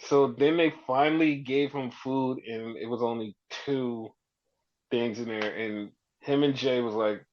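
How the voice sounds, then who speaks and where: A man co-hosting a podcast, casually recapping wrestling and acting out quotes with big leaps in his voice. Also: unhurried. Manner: animated storytelling, heavy swearing, acts out quotes with big pitch jumps. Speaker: podcast co-host. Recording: dull lo-fi sound.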